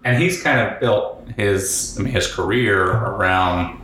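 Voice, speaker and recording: A man's voice: on the low side, unhurried, fairly bright tone. A man hosting a podcast interview, asking questions and giving brief affirmations to his guest. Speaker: interviewer host. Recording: very echoey room with faint background noise.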